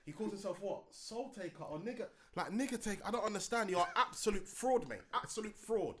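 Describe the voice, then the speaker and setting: A man's voice: high-pitched, animated, a little fast, a bit bright. A man ranting in casual podcast banter, slangy and repetitive, with friends laughing around him. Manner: ranting, slangy, repeats himself.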